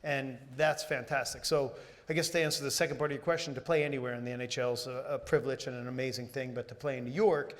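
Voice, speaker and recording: A man's voice: medium pitch, steady tone, fast talker, few pauses. A man in his forties, a guest at a live Q&A, answering conversationally and searching for words with fillers and restarts. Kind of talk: casual on-stage Q&A answers. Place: stage at a live event.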